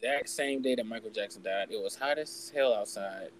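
On a casual podcast, a young host shares a personal story candidly, swearing freely and mimicking what people said. His voice is fairly low and a little fast, and the audio quality is poor.

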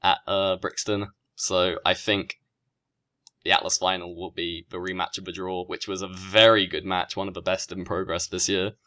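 A man with a low-pitched voice and a Southern US accent talks in a relaxed, conversational way. He gives firm opinions as a co-host and laughs easily along the way. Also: normal speed. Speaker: podcast co-host. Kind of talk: casual wrestling review chat.

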